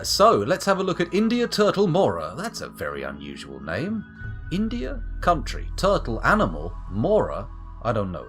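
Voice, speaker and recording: A man's voice: fairly low pitch, fairly bright tone. A man giving playful, jokey live gameplay commentary as a streamer, with muttered asides. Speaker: game streamer.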